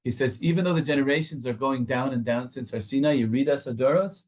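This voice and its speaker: A man's voice: mid-range voice, fast, darkish tone. A man teaching a Torah class with passion, moving back and forth between Hebrew and English.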